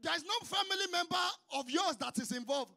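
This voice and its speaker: A man leading prayer in a very high, gravelly voice, shouting fervent petitions in a chanting rhythm. His tone is sharp and piercing. Between prayers he drops into quieter exhortation. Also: animated, fairly quick. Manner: fervent, chanting repeated calls to the Lord. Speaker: prayer leader.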